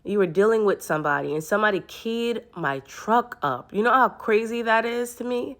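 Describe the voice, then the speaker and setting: A woman's voice: mid-range voice, animated, normal speed, a bit bright. A woman telling a personal story to camera in an earnest, rambling way, often restarting her sentences. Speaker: vlogger.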